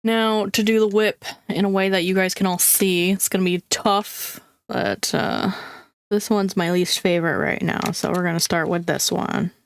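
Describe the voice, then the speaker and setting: A woman's voice: mid-range voice, fairly even intonation, moderate pace, clean tone. A woman chatting casually through a crafting vlog, talking to viewers with dramatic, squeamish groans and frequent laughs. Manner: chatty, self-deprecating, laughs often. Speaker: craft vlogger.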